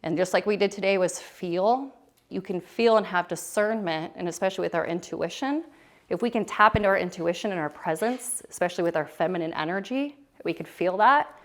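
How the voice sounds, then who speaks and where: A woman's voice: on the low side, fairly quick. A woman in her thirties giving a casual, rambling talk at a retreat, with many fillers and restarts. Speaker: retreat presenter. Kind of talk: casual talk to a small group. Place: retreat room.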